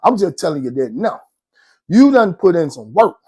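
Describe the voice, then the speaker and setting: A man's voice: high-pitched, sing-song, normal speed, a little mellow, slightly rough. A man, casually telling his own story in a slangy, rambling way and often checking in with the listener. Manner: slangy, rambling, keeps asking "you know what I'm saying".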